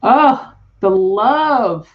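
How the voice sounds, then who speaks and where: A woman's voice: fairly high pitch, lively intonation, drawn-out words, dull audio. A woman hosting a live tarot reading, talking in an effusive, emotional, spiritual way with frequent laughs and sighs.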